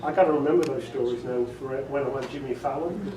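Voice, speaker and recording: A man's voice: mid-range voice, quick pace, crowd noise. English man telling stories to a room. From England. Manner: chatty, jokey, laughs often. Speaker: voiceover artist speaking at a meeting. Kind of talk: storytelling talk with audience questions. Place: meeting room with an audience. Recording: roomy distant recording with background noise.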